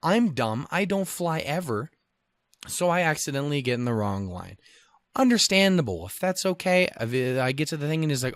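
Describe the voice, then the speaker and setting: A young man rants through a travel story on his own podcast, swearing freely and restarting his sentences. His voice sits a little high for a man, and the recording is close and dry, with no room sound. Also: very animated, fairly quick, dry recording. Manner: profane, exasperated storytelling with many restarts. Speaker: podcast host. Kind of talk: solo podcast ranting.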